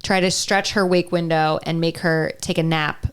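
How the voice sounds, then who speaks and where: Animated laughing woman podcast host. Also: sits low, moderate pace, clear, resonant tone. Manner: animated, mock-indignant rants; laughs often. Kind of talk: casual chat.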